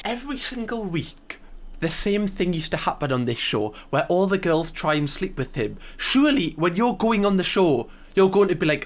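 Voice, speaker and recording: Young male reactor, casual and sarcastic, a bit higher than usual. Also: very animated, moderate pace. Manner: chatty, sarcastic, lots of "like". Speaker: YouTube reactor.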